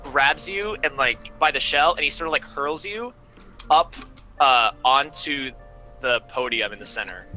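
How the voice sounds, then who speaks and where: Young man running a tabletop game. Bright, animated narration with lots of fillers. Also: mid-range voice, unhurried, soft background music, rough recording. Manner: rambling, filler-heavy description. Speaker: game master.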